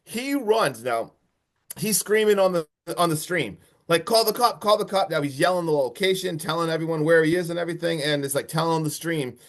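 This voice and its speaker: A young man co-hosting a podcast, retelling a horror film in a casual, animated way full of "like"s and disbelief. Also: a little high, fairly quick. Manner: animated, disbelieving storytelling with many "like"s. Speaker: podcast co-host. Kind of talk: casual movie recap.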